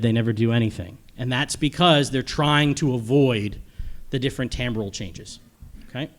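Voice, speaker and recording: A middle-aged man giving a casual panel lecture on audio to a room, rambling and often checking in with "okay?" and "right?". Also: mid-range voice. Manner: chatty and rambling, asks "okay?" and "right?" after points. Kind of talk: live panel lecture to an audience.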